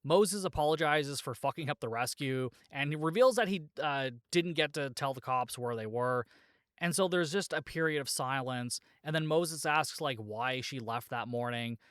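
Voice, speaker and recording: A mid-range, smooth, slightly bright male voice speaks at normal speed in a dry studio-quality recording. He's a podcast host casually retelling a movie's plot, rambling with frequent "like" and other fillers and laughing at his own joking asides.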